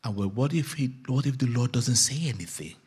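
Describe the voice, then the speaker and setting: A man preaching a sermon as pastor, telling a Bible story in a jokey, animated way with a husky voice. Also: mid-range voice, fairly quick.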